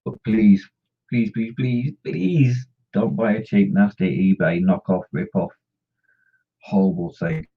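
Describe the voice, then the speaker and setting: A middle-aged man hosting a model-painting stream reads the chat aloud, cracking jokes and teasing his viewers in a relaxed back-and-forth. His fairly low, husky voice has lively intonation and moves slowly. The recording is dull lo-fi stream sound.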